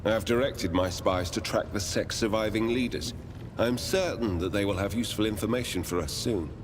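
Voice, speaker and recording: A man voicing a stern, deep-voiced Inquisitor. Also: noisy background, close to an everyday voice. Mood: solemn. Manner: formal, measured and solemn. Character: stern formal male Inquisitor, rigid and guarded. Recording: game audio with reverb and rumbling background.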